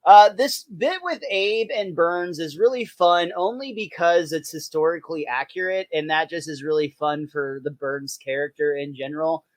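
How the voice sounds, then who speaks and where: A podcast host recapping a cartoon episode in a relaxed, chatty way, laughing often. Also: medium pitch, normal speed, hardly any pauses, no echo. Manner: relaxed, lots of uh fillers, laughs easily. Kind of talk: casual episode recap chat.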